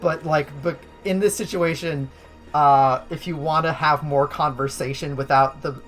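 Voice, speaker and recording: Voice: medium pitch, fairly even intonation, moderate pace, fairly bright tone, faint music behind. A game master narrating a tabletop game, rambling and full of fillers.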